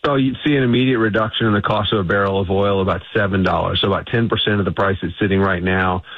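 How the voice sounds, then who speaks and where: A man's voice: sits low, fairly even intonation, quick pace, dry recording. A man giving confident, emphatic answers as a guest in a radio interview. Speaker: energy think tank CEO, guest. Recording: tinny phone line.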